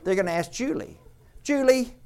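A man's voice: fairly high pitch, expressive, moderate pace. An older man preaching a sermon as pastor, conversational and joking, firing off rhetorical questions.

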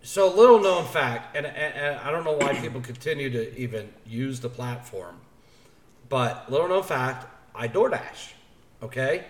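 A man's voice: mid-range voice, lively intonation, a little slow, a little hiss or hum. A man co-hosting a podcast, ranting in profane, fired-up casual chat about bad service. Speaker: podcast co-host. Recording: roomy echo.

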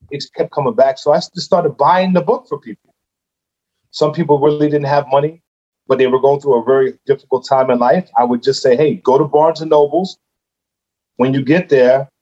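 A man guest talks through a story in relaxed conversation, his voice sitting a little high. He gets animated and acts out his own reactions as he goes. The recording sounds somewhat dull and muffled. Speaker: podcast guest, businessman.

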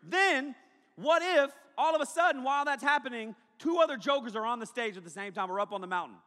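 Animated joking preacher man, bright voice. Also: extremely high pitch, fairly quick. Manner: animated, joking, bursts into shouts. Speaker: pastor. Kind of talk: sermon. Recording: long hall reverb.

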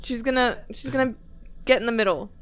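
A woman playing in a tabletop game, lively and playful as she jumps in to calm things down. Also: fairly high pitch, brisk. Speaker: player. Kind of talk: casual tabletop role-play.

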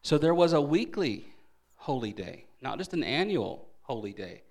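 A man delivering a sermon in an emphatic teaching voice. He poses questions to the congregation and answers them, swinging between loud stressed words and softer asides. His voice sits at an ordinary middle pitch for a man. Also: very animated, normal speed, gravelly. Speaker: pastor. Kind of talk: evening Bible teaching sermon.

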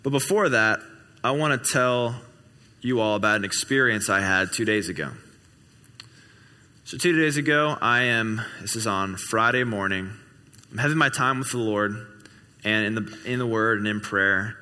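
A young man speaking at a church service, telling a personal story in an animated way and acting out the dialogue. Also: fairly low pitch, normal speed. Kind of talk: sermon storytelling. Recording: hall with long reverb.

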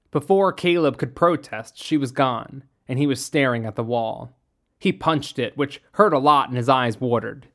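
Steady storyteller reading a novel. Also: mid-range voice, moderate pace. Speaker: narrator. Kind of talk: audiobook reading.

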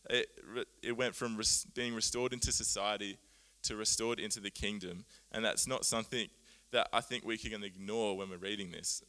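A man preaches a sermon in a fairly low voice at normal speed with few pauses. Earnest and animated, he explains Bible words and often laughs at himself.

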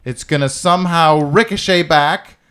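A man playing a tabletop game who rambles and laughs while pitching ideas. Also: normal speed, bright, forceful tone, smooth. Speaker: player. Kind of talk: casual tabletop game play.

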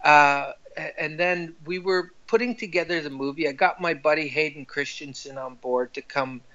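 A man's voice: a little high, normal speed, pushed and bright, dull audio. A laid-back man in casual chat who keeps saying "dude".

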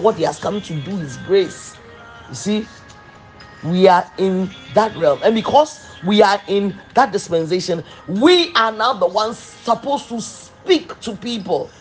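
A man preaching a sermon, slow and emphatic, repeating phrases for weight. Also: sits high, low-quality recording.

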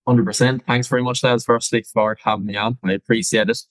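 A young man with an Irish accent, chatting casually as a podcast guest over a video call, quick and full of fillers. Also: mid-range voice, steady tone, dry recording, low-quality recording. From Ireland. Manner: quick talker with many fillers. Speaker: guest, personal trainer.

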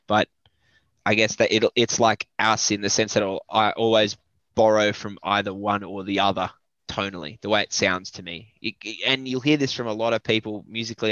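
A man's voice: on the low side, fairly bright tone, no room sound. An Australian man, a metal vocalist, chatting casually in an interview and thinking aloud with lots of fillers. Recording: dull lo-fi dry audio.

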